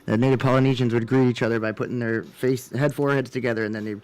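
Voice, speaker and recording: A man's voice: mid-range voice, steady tone, racing, a little mellow, smooth. A man with a Midwestern US accent chats as a guest on a podcast. He tells stories with a joking, easy manner and laughs often. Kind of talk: casual chat.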